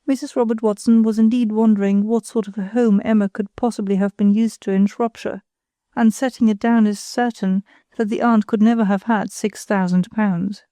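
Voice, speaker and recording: A woman reading a classic novel aloud as an audiobook narrator, in a measured, even storytelling manner. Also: mid-range voice, no room sound. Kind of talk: scripted narration.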